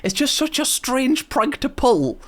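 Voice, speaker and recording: A man's voice: very high voice, sing-song, measured pace, fairly bright tone. A young man, giving casual, sarcastic reaction commentary full of "like". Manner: chatty, sarcastic, lots of "like". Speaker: YouTube reactor.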